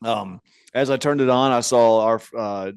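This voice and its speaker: A man's voice: medium pitch, moderate pace, smooth, no room sound. Rambling male podcast co-host, dry mic. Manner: rambling, animated, repeats himself, reads emails aloud. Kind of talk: casual podcast banter.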